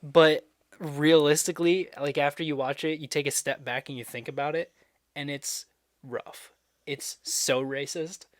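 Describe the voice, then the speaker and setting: A man's voice: a little high, dry recording, clean studio sound. A young man co-hosting a casual podcast, talking loosely and animatedly with lots of swearing. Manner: loose, animated, swears, quick bursts of laughter. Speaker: podcast co-host.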